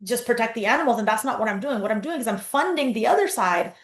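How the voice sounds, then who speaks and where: A woman guest telling stories in a casual interview over a video call, acting out her own quotes with lively energy. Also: a little high, quick pace. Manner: animated storyteller, acts out her own quotes. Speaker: guest, company founder. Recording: roomy echoey sound.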